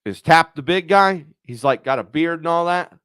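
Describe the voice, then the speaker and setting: On his own YouTube channel, a man thinks aloud in a rambling, foul-mouthed, casual chat. His voice is a little high and fairly bright with a clean tone, at normal speed, in a dry, clean studio recording.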